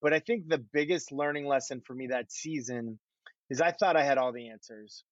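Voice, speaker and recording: Speaking at a normal speed in a mid-range voice, a middle-aged man who used to play pro quarterback chats casually, laughing at himself as he tells his own stories. There's no echo, but the recording sounds dull, dry, and muffled.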